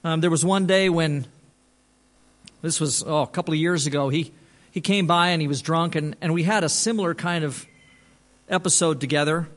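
A man's voice: fairly high pitch, normal speed, long pauses. A man who is a pastor, telling a story in a sermon in a conversational way, often restarting his phrases.

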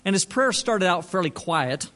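A man's voice: sits high, expressive, normal speed, fairly bright tone. A man who is a pastor, telling a story in a sermon in a conversational way, often restarting his phrases.

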